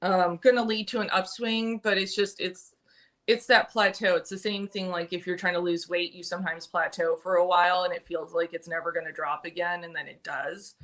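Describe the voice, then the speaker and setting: A woman giving a live-stream tarot reading, thoughtful and halting, with many pauses and restarts. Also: lowish voice, fairly even intonation, fairly bright tone. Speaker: tarot reader.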